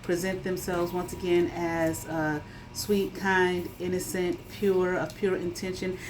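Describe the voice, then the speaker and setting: A woman with a fairly low voice gives a spoken tarot reading. She is emphatic and blunt, swears freely, and keeps stopping to ask "okay?". A faint hiss sits under her voice. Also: little pitch movement, measured pace, rough recording. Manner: emphatic, checks in with frequent "okay?". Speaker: tarot reader.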